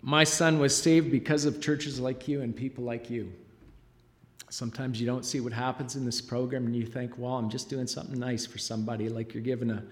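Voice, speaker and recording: A middle-aged father giving an emotional church testimony, halting and choked up, with frequent pauses and fillers. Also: mid-range voice, little pitch movement. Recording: long reverb of a large hall.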